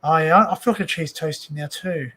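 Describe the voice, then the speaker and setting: A man's voice: fairly high pitch, fairly quick, bright, forceful tone, husky. A man with an Australian accent hosting a casual home livestream, rambling with lots of fillers and restarts. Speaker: livestream host. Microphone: desk microphone.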